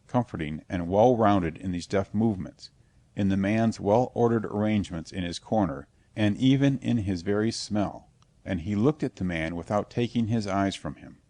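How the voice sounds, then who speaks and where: Deep-voiced male audiobook narrator. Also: warm tone, dry recording. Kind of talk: scripted narration.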